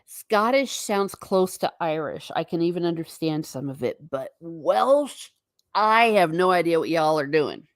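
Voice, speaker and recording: A woman hosting a casual livestream from home, chatting with viewers in a wandering way and breaking off into quick asides to herself. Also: lowish voice, expressive, no room sound, studio quality. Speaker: livestream host.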